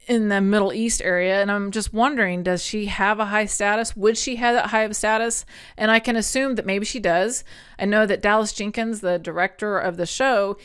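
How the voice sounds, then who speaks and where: A woman's voice: medium pitch, a bit bright, clean tone. A woman hosting a podcast, recapping an episode in an earnest, chatty way, laughing often and sounding close to tears. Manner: emotional, near tears. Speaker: podcast host.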